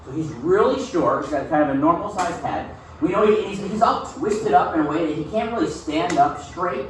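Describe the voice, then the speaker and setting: Reading a novel to his students and then talking it over casually, this male teacher keeps asking "okay?" He speaks at a normal pace in a slightly high, animated voice, captured far from the mic in a very echoey room with a little hiss or hum.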